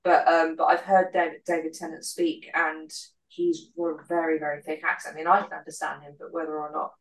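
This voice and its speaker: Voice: medium pitch, little pitch movement, a little fast, fairly bright tone, low-quality recording. A podcast host in casual chat, musing aloud and offering tentative theories.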